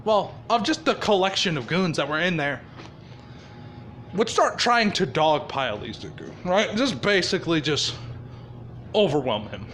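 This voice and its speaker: A man's voice: on the high side, big pitch swings, moderate pace, fairly bright tone, a little hiss or hum. A man casually improvising a fan-fiction story, swearing freely and chuckling.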